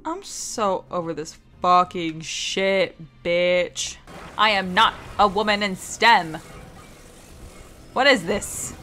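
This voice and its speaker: A woman's voice: mid-range voice, slow pace, bright, forceful tone. A woman streaming a video game on a close mic, casually commenting, talking to herself and swearing when frustrated. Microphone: close desk mic. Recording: game music behind.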